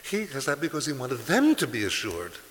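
A man preaching a sermon, speaking with emphasis and rising forcefully when he quotes scripture. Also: mid-range voice, wildly swooping pitch, normal speed. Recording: hissy recording in a large reverberant hall.

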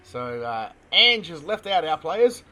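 An Australian man co-hosting a casual sports chat podcast, excitable, laughing often and tripping over names. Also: on the high side, takes it slowly. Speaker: podcast co-host.

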